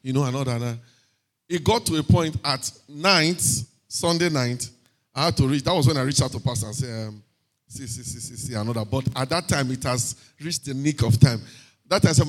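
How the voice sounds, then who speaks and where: A man with a Nigerian accent giving a sermon testimony in church, lively and sprinkled with hallelujahs and pidgin asides. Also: medium pitch, a little fast. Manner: lively, punctuated by frequent hallelujahs and amens. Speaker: preacher sharing a testimony.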